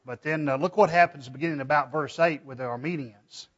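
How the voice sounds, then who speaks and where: A man's voice: fairly high pitch, fairly quick, muffled recording. A man preaching a Bible study in a folksy, conversational way, reading scripture aloud with his own asides. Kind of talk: sermon.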